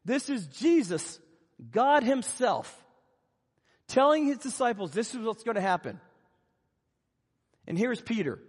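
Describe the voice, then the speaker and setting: A man preaching a sermon who tells Bible stories in a lively way and acts out the scenes. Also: very high-pitched, a little slow, long pauses, husky. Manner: animated storytelling, acting out Bible scenes. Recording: long reverb of a hall.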